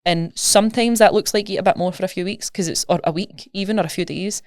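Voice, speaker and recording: A woman's voice: mid-range voice, fast talker, a little mellow, no echo, studio quality. A woman with a Scottish accent, a coach talking casually and animatedly in a podcast interview, explaining with everyday examples. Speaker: nutrition coach, guest.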